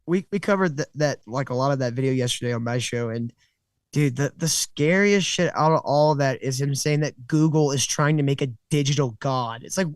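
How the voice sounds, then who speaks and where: Male guest co-host, sarcastic, quick asides, dry close mic. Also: medium pitch, no echo. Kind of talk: casual podcast chat.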